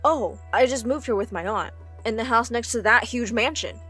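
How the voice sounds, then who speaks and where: A woman voicing a kind teenage boy who speaks softly and with concern. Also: a little high, normal speed, slightly rough, faint music behind. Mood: gentle. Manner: soft, friendly and concerned.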